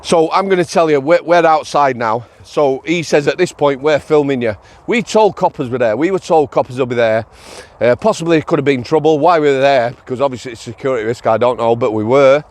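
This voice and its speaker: A man's voice: mid-range voice, a little fast, few pauses. A middle-aged man, a former prison officer hosting a podcast and telling a story in a rambling, anecdotal way with fillers. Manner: rambling anecdotal delivery with frequent fillers and chuckles. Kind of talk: casual storytelling monologue.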